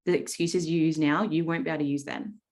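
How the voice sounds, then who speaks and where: Low-voiced, blunt Australian woman coach. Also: steady tone, fast, a little mellow. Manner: blunt, swears freely, keeps asking "right?". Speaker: trading coach. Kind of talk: live coaching session talk.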